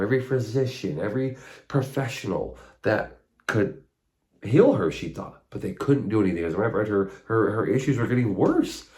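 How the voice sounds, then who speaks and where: A man with a deep, low voice speaks about faith directly to the listener. He is earnest and conversational, and he slips into casual asides as he retells old stories. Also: a little mellow. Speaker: faith talk host. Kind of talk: spoken faith monologue.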